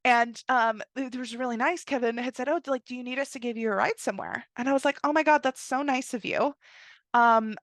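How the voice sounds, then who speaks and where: A young woman hosting a podcast, telling a personal travel story in a chatty way, full of "like" and quick acted-out asides. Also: on the high side, dry recording, clean studio sound. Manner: chatty, heavy use of "like", animated quoted asides. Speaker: podcast host. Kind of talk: casual storytelling monologue.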